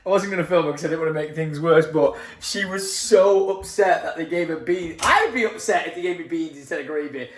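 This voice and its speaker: A man's voice: fairly quick, few pauses. A man, chatting casually to camera in a jokey vlog. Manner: chatty and jokey, lively swings in pitch. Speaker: vlogger.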